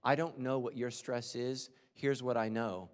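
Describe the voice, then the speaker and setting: A man preaching a sermon as pastor, moving between loud outbursts and quiet confession, with humorous asides. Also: medium pitch, fairly even intonation, unhurried. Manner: humorous asides and acted-out quotes. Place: large church auditorium. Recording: long reverb of a large hall.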